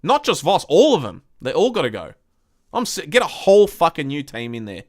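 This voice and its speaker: A man's voice: on the high side, wildly swooping pitch, a little fast, dry recording, clean studio sound. A young man hosting a live stream, reading viewer comments and ranting bluntly with lots of swearing. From Australia. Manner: blunt, swears a lot, frustrated.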